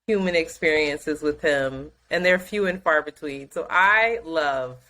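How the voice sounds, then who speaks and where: Animated, laughing woman podcast host. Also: low-pitched, unhurried, poor audio. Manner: animated storyteller, laughs often. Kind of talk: casual chat.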